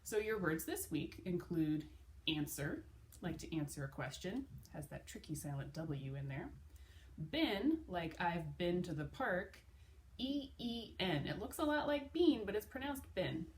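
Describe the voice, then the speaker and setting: A woman teaching a phonics lesson to young children, patient and clear, spelling words out letter by letter. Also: on the low side, very animated, unhurried, far from the mic, a little hiss or hum.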